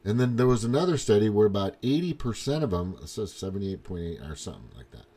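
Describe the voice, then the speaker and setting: A man's voice: lowish voice, sing-song, fast talker, warm tone. A man from the ranting casually on his livestream, swearing often and rambling in disbelief. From Missouri, US. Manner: profane, rambling, incredulous. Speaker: livestream host. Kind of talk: casual political rant.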